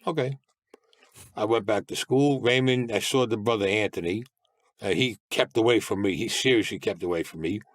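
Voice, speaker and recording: A man's voice: on the low side, moderate pace, dry recording. An older man, a guest telling blunt, streetwise stories full of profanity. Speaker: interview guest. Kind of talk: casual storytelling.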